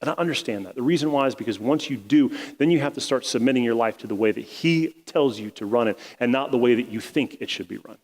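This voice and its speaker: A man's voice: medium pitch, fast talker, hardly any pauses, long reverb tail. A male pastor preaching a sermon in a casual, conversational way, retelling scripture in everyday slang.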